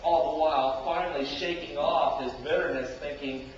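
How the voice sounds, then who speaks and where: A man's voice: on the high side, steady tone, moderate pace. Dramatic male pastor in echoey church. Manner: dramatic storytelling, sweeping from loud outbursts to hushed tones. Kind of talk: sermon. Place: church sanctuary. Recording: echoey church hall from far off, dull lo-fi. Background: church hall reverb.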